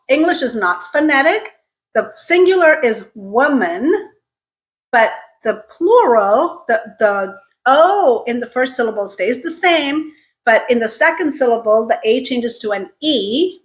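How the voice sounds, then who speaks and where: A woman's voice: sits high, a bit bright. Woman drilling English pronunciation, emphatic. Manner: emphatic, repeats words slowly for drilling. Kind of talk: pronunciation lesson to camera.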